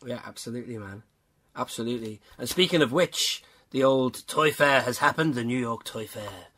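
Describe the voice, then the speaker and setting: A man's voice: medium pitch, normal speed, fairly bright tone. A man hosting a podcast in casual chat, talking enthusiastically and often calling his guest "man". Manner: enthusiastic, peppers talk with "man". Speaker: podcast host.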